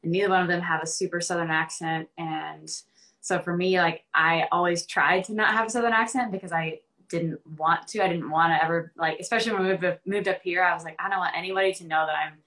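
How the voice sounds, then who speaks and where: A young woman from Arkansas talks as a podcast guest, loose and earnest, leaning on ums and likes. Her voice sits a little low but sounds bright and forward. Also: steady tone, fast talker. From Central Arkansas. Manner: earnest, many ums and likes, laughs easily. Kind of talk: casual podcast conversation.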